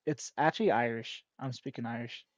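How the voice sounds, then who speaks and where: A man's voice: mid-range voice, brisk, dry recording. A man chatting casually and jokingly while playing a video game, rambling and laughing at his own jokes. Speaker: let's play host. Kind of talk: casual gaming commentary. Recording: dull lo-fi.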